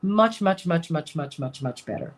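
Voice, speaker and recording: A woman's voice: fairly low pitch, lively intonation, moderate pace. A woman hosting a talk show, talking casually and emphatically, repeating her points and laughing often.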